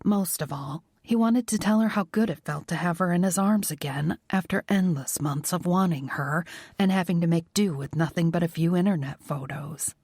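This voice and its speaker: A woman narrating a romance audiobook in a soft, measured reading. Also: fairly low pitch, husky, no echo, studio quality. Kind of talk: scripted narration.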